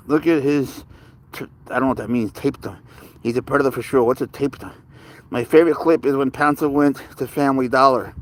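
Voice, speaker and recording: A man's voice: medium pitch, steady tone, fairly quick, poor audio. Older male streamer, rambling and chatty, reads chat comments aloud in a casual livestream. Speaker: livestreamer with a pet cat.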